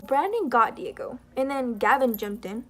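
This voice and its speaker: Young woman vlogger, slightly high voice, fast heated rambling commentary on drama. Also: big pitch swings, bright, forceful tone, slight background noise. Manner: rambling, heated, retelling drama with quoted dialogue. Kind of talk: casual commentary vlog.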